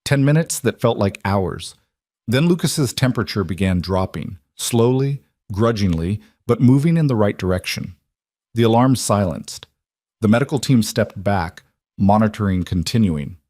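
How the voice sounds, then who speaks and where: Man narrator, measured story read, lowish voice, dead-dry booth sound. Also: animated, a little mellow, no echo.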